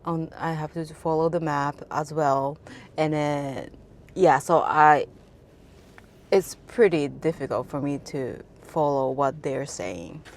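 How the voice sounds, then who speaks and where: Japanese-accented woman taxi driver, low voice, slow and relaxed, filler-heavy casual telling. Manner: relaxed storytelling, many fillers. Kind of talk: casual interview chat.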